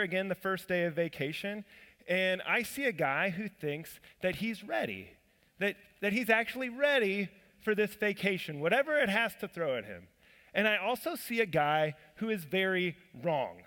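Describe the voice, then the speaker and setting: A man's voice: sits high, expressive, normal speed, pushed and bright. A man, a church elder, giving a sermon in a casual storytelling way, self-deprecating, with fillers and restarts. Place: church sanctuary. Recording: long hall reverb.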